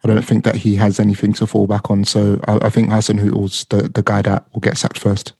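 Flat low-voiced man. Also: fairly quick, gravelly, dry recording, studio quality. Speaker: podcast co-host. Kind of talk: casual football podcast chat.

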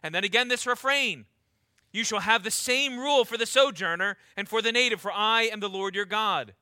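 Bright, high-voiced male preacher. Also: no echo. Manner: emphatic, slows down to stress key words; reads scripture aloud and then comments on it. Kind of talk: sermon.

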